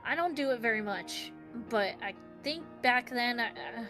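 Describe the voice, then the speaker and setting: A woman's voice: fairly high pitch, expressive, moderate pace, over music. A woman guest in a casual chat about a video game, giggly and hesitant, with many fillers.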